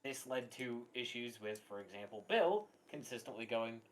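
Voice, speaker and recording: A man's voice: fairly low pitch, normal speed, hardly any pauses, slight background noise. A man co-hosting a casual podcast, earnest and cursing, with lots of "you know" and "uh". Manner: earnest, swears, many fillers. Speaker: podcast co-host. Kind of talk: casual chat.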